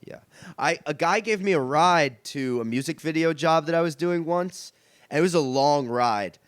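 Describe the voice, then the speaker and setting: A man co-hosting a comedy podcast over a remote call, sarcastic and animated, telling stories with mock anger. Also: on the high side, moderate pace, no room sound, studio quality. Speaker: podcast co-host. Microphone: remote call mic.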